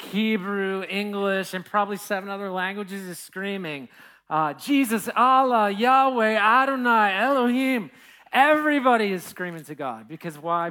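A man preaching a relaxed, story-driven sermon as a pastor. His voice sits a bit high and rings bright and forward. He talks like he's chatting with the pews and often checks in with the listeners. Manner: storytelling, with asides to the congregation. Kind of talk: conversational sermon.

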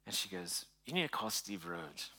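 A pastor in his forties giving a sermon, telling a personal story in a hushed voice and then preaching more loudly. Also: very animated, normal speed, breathy edge. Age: 40s. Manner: soft and hushed while telling a personal story, louder and higher when preaching.

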